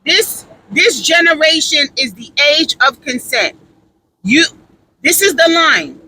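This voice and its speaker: A woman's voice: sits high, big pitch swings, takes it slowly, pushed and bright, slight background noise, low-quality recording. A woman giving her candid opinions in a brash, profane, emphatic way, repeating phrases for emphasis and laughing easily. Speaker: podcast talker.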